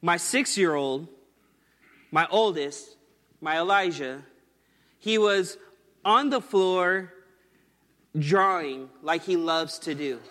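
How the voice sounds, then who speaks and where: A male pastor in his thirties delivers a sermon with a high, bright, forceful voice. He talks in an earnest, conversational way. A long reverb trails his words through a large hall.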